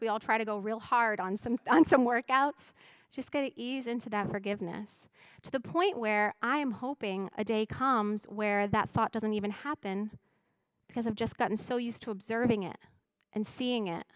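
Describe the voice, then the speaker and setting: A woman giving a spiritual message to a congregation, speaking gently and reflectively, often voicing her own inner thoughts. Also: mid-range voice, smooth, no echo. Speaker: church music director giving a message.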